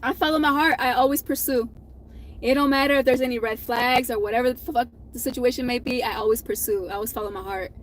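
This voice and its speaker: Woman, young adult, casual vlog, candid, profane, slightly high voice, faint road noise. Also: steady tone, fast, rough recording. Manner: candid and profane, laughs often. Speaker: vlogger.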